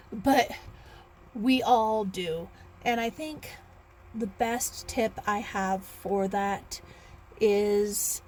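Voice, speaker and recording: Talky woman in her 30s rambling on her vlog, bit high voice, faint hum behind. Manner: chatty, rambling with restarts and sighs. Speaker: author vlogger. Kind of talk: casual vlog chat.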